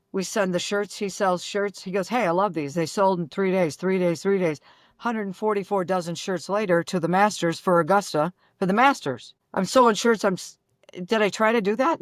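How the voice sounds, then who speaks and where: An older woman from Buffalo, a guest telling brash, rapid-fire stories with acted-out dialogue. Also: mid-range voice, no echo, clean studio sound. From Buffalo, New York. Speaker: guest, former pro golfer. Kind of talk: animated storytelling.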